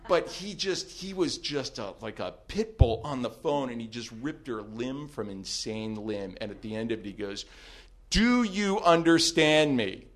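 A man telling a comic personal story with wry timing, dropping to a hush and then rising loud. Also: medium pitch, vocal fry. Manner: animated, wry, swings from hushed to loud.

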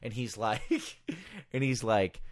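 A man's voice: medium pitch, slow. A man co-hosting a casual podcast, telling stories with lots of acted-out quotes and swearing. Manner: animated storyteller, acts out quotes, swears. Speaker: podcast co-host, former ring announcer. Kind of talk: casual storytelling chat.

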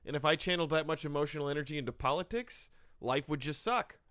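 A man hosting a comedy sports podcast, opening loudly and chatting casually with his co-hosts. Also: a little high, fast, dry recording, studio quality. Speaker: podcast host.

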